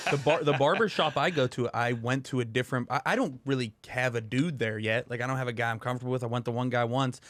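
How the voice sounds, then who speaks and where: Fast-talking, stammering male co-host. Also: mid-range voice, a bit bright, no echo. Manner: quick, stammering, self-conscious. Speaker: podcast co-host. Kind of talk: casual podcast chat.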